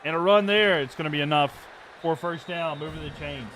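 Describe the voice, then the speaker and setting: A man's voice: fairly high pitch, a little fast, over music. A man live-streaming a football video game, calling plays like a commentator and venting his frustration between snaps. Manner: frustrated asides between excited play calls.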